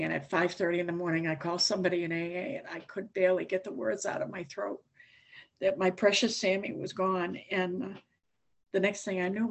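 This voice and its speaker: An older woman giving a recovery talk to a meeting, telling her story in a plain, candid way with a dry wit. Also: mid-range voice. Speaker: AA speaker. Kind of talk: recovery share.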